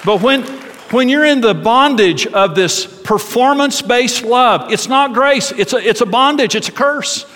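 A man's voice: very high-pitched, measured pace, fairly bright tone, some chatter behind. A middle-aged male pastor preaching a sermon with impassioned, repetitive, rhythmic emphasis. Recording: long reverb of a large hall.

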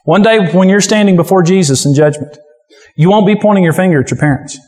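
A pastor preaching a sermon with forceful, repetitive exhortation. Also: male voice, high-pitched, fast talker, big-room sound.

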